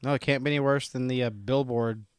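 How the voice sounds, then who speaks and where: A man's voice: medium pitch, steady tone, quick pace, clear, resonant tone, no echo, studio quality. A man co-hosting a podcast in casual chat, joking and teasing in banter. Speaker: podcast co-host.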